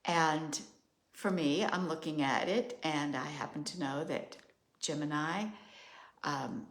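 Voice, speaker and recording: An older woman astrologer giving a reflective solo monologue, measured and musing with the odd filler. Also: low voice. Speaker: astrologer host. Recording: roomy echo.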